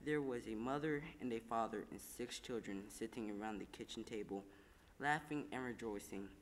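Man calmly narrating in an echoing room. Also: medium pitch. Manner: calm, measured storytelling with small slips. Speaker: reader. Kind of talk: scripted narration of a first-person story.

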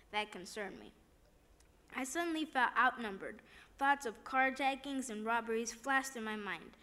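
A woman's voice: on the high side, sharp tone. Woman reading a devotional story.

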